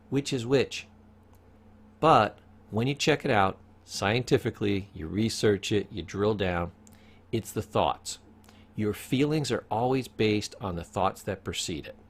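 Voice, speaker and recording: A man with a gravelly, creaky edge to his mid-range voice gives a recorded psychology lecture. He stresses his points hard, circles back to repeat them, and quizzes the listener as he goes. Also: medium pitch. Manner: emphatic, repeats key points, asks the listener questions. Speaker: psychology course instructor.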